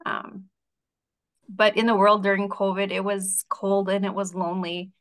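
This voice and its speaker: A woman's voice: mid-range voice, little pitch movement, moderate pace, fairly bright tone. A woman panelist speaking candidly, with self-deprecating asides. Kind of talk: panel discussion.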